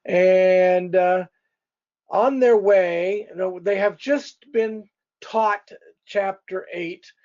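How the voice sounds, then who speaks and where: A man's voice: high-pitched, fairly even intonation, very slow, darkish tone, muffled recording. A male pastor teaching a church couples class in a conversational way, speaking directly to the couples in the room.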